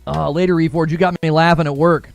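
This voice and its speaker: A man's voice: on the high side, little pitch movement, fast, gravelly, no echo, faint music behind. A man streaming live, chatting with viewers and laughing often as he acts out mock dialogue. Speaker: gaming streamer.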